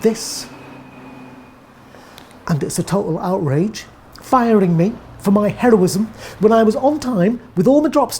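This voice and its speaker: A woman with an English accent delivering a wry, deadpan first-person comic monologue as a narrator. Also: medium pitch, husky.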